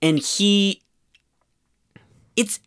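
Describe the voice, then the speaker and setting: A man's voice: high voice, fairly even intonation, extremely slow, fairly bright tone, clean tone. A man co-hosting a podcast, ranting about a film with lots of swearing and exasperation. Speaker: podcast co-host reviewing a film. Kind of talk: casual chat.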